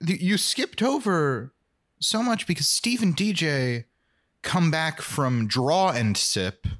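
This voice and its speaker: Animated joking podcast co-host, a man. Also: fairly high pitch. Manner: dry, joking, riffs with quick asides. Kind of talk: casual chat recapping a TV episode.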